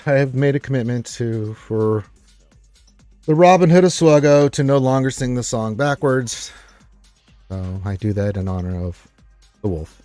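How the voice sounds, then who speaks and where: A man's voice: medium pitch, measured pace, dark tone, no echo, faint music behind. Upbeat rambling male stream host. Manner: rambling, upbeat, many fillers. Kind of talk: casual live-stream chat reading viewer comments.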